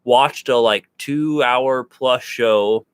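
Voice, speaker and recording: A man chatting casually as co-host of a paranormal show, his stories wandering with fillers and restarts. His voice sits at an ordinary middle pitch. The sound is close and dry, with no room echo. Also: drawn-out words, smooth. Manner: rambling storyteller, many fillers and restarts. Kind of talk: casual chat. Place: home studio.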